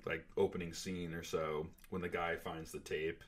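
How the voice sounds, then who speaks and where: A man's voice: sits low, flat delivery, normal speed, crowd noise. A man co-hosting a podcast, chatting casually and reacting eagerly about a horror film. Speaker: podcast co-host. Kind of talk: casual movie review chat.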